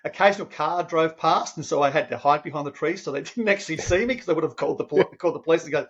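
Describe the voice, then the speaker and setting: A man's voice: on the high side, rapid-fire, hardly any pauses, husky, lo-fi sound. A man, a podcast guest telling a personal story in an earnest, emotional way and often restarting his phrases. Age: 50s. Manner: earnest, emotional, restarts phrases, animated when quoting himself.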